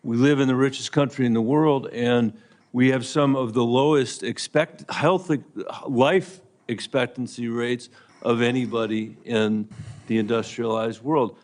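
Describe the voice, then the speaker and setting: A man's voice: medium pitch, fairly even intonation, unhurried, a little mellow. A man, a senator, questioning a nominee at a hearing in a pointed, insistent yes-or-no manner.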